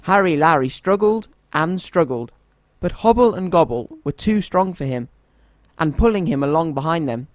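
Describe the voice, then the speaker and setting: A man reading a children's story aloud in a gentle, expressive storytelling manner. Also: on the high side, normal speed, dry recording.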